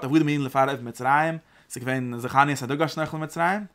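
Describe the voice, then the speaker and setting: A man teaching an informal Torah class, lively and acting out the verses. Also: mid-range voice, fast, few pauses. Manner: animated, acts out the verse in God's voice.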